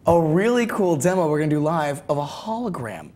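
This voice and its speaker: Male gaming podcast host, quick talker, upbeat, fairly high voice. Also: very animated, darkish tone. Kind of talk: casual chat.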